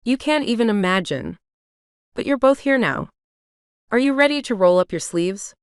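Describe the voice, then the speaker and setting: A woman voicing a brisk, high-energy woman in her fifties with a slight Jamaican accent, bossy and hurried. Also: lively intonation, smooth, no echo, clean studio sound, natural voice.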